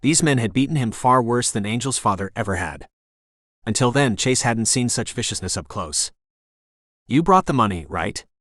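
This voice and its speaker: A man delivers scripted audiobook narration with consistent, level storytelling. He speaks at medium pitch and normal speed, in studio-quality sound with no room ambience.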